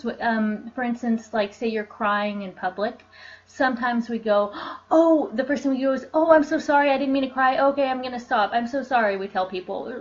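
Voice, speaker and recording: Bubbly woman doing a lo-fi live card reading. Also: on the high side. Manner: bubbly, chatty, laughs often, reads viewer comments aloud. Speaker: oracle card reader.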